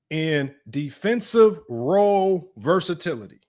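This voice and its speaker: A man's voice: high voice, lively intonation, a little slow. A man hosting a live sports stream, reading out stats and sarcastically challenging his viewers. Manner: sarcastic, combative, addresses chat directly. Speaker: sports show host.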